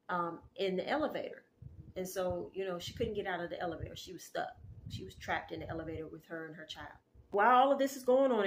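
A woman casually telling a dream story in an animated, chatty way, full of asides. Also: fairly low pitch, slight background noise. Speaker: faith vlogger sharing a dream.

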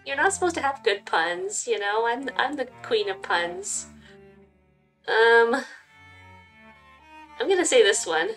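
A woman's voice: fairly high pitch, expressive, slow pace, long pauses, a bit bright, faint music behind. A young woman hosting a game playthrough, chatting casually and reading aloud in a giggly way, full of likes and you-knows. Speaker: gaming channel host.

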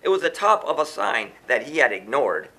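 Guy reading a rhyming kids book, sing-songy, bright voice, pitch all over the place. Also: normal speed. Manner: sing-song, animated reading with chanted refrains. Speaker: storyteller reading a children's book. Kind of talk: rhyming storybook read-aloud.

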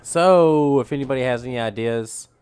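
A man's voice: mid-range voice, normal speed, a little mellow, clear, resonant tone. A male gaming channel host giving a profane, ranting, exasperated gameplay commentary.

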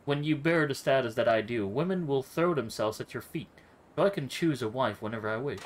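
A snooty self-declared nobleman in his thirties, as a man reads him out, heaping grand, flowery scorn on everyone. The pitch swoops widely as he preens. Each word is delivered with lofty contempt. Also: expressive, fairly quick, lightly acted, rough recording. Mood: haughty. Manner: haughty, florid insults. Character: pompous self-styled male nobleman, thirties.

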